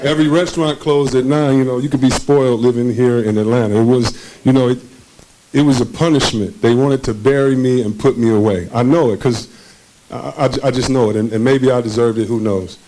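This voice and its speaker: This medium-pitched male voice is brisk and steady, with a dark tone, and the rough recording carries a little hiss or hum. He's a former basketball player interviewed on a conference stage, animatedly and casually recounting stories, voicing the people he quotes and laughing frequently.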